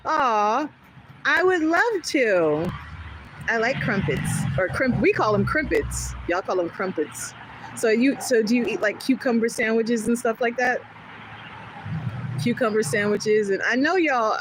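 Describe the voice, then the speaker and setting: A woman hosting a casual livestream from home, chatting with viewers in a rambling, animated way and laughing often. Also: mid-range voice, a little hiss or hum, rough recording. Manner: chatty and rambling, jumping between topics. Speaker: livestream host. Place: home in California.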